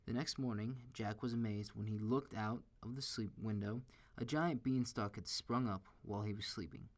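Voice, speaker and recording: A man reading a children's story aloud in a steady, expressive way. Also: on the low side.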